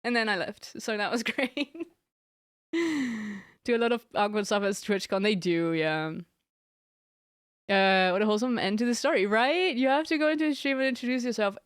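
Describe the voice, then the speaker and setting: A woman's voice: on the high side, moderate pace, long pauses, clean tone, no echo. Giggly young woman streamer, dry sound. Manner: giggly, rambling storytelling. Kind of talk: casual chat with stream viewers.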